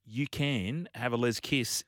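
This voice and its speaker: A man's voice: medium pitch, takes it slowly, fairly bright tone. An Australian man co-hosting a casual radio show on a studio microphone, telling rambling stories and chuckling along the way. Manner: rambling anecdotal storyteller who chuckles mid-story. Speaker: radio co-host.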